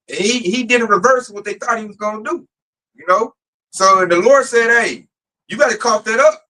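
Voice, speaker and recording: A man leading a teaching in casual street talk, animated and building to a near shout. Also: sits high, far from the mic, low-quality recording. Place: outdoor camp gathering.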